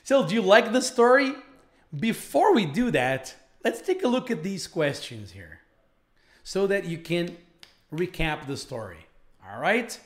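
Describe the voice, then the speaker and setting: Male English teacher, live lesson storytelling, slow delivery, slightly high voice. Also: sing-song, roomy sound.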